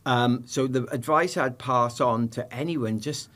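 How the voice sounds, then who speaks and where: A middle-aged man, a former sprinter, talks as a podcast guest in a lively, jokey way, acting out the voices he quotes. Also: mid-range voice, unhurried. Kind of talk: animated storytelling in conversation.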